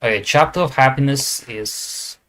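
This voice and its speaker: Man, casual tier-list commentator, mid-pitched, thinks out loud, hesitant, corrects himself often. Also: moderate pace. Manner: thinking aloud, hesitant with fillers and self-corrections. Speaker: esports tier list creator. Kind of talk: casual commentary while ranking.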